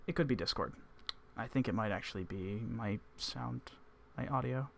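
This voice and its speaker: A man narrating a tabletop game as game master, halting with many fillers. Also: medium pitch, gravelly, slight background noise. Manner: hesitant, many filler words.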